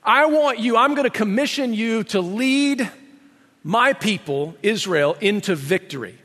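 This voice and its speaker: A preacher voicing God as a calm, commanding male presence, in a reverberant hall. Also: high-pitched, unhurried, full character voice. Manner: steady, commissioning, matter-of-fact.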